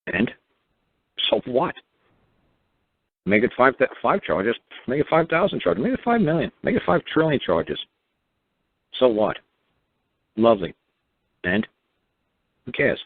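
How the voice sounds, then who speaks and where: A New York call-in host with a medium-pitched, sing-song voice speaks unhurriedly and pauses often, yet stays blunt and profane, asking rhetorical question after rhetorical question. The phone-line audio is dry and tinny with no echo.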